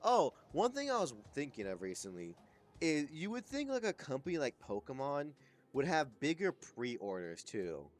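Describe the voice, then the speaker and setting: A man's voice: fairly high pitch, huge pitch swings, normal speed. A man streaming a video game in a casual, profanity-heavy chat with viewers, sleepy and with a stuffy nose. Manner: swears constantly, chats with viewers. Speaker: gaming streamer. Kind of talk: casual gameplay commentary.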